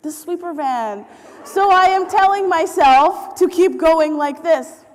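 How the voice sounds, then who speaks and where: Woman in her 30s, high voice, lively story talk w/ lots of laughs, big echoey hall. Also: takes it slowly, slight background noise. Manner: animated, acts out quotes, laughs often. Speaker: speaker. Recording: hall reverb.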